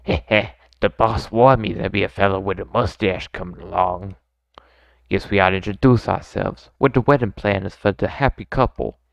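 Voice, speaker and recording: Man doing a gruff Boston thug henchman, low and gravelly, dull dry mic. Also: no room sound. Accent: put-on Boston. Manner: gruff, slangy, menacing. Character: tough male henchman thug with a swagger.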